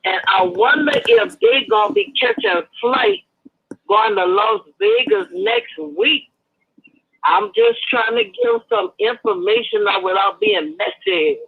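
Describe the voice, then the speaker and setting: A woman calling in to a talk stream, dropping teasing hints in a sing-song voice with drawn-out endearments. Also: medium pitch, a bit bright, breathy edge. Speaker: caller. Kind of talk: gossipy call-in chat. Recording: tinny phone line.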